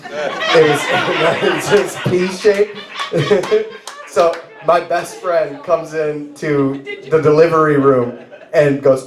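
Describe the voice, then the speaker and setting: A man's voice: fairly high pitch, steady tone, slow. A man in his thirties doing a stand-up comedy set, rambling and laughing at his own jokes. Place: bar stage, live open mic. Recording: roomy bar with echo.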